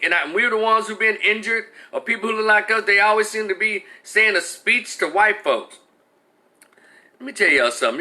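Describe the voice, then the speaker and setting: Man, heated rant, piercing bright tone, slightly high voice, profane and blunt. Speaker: commentator.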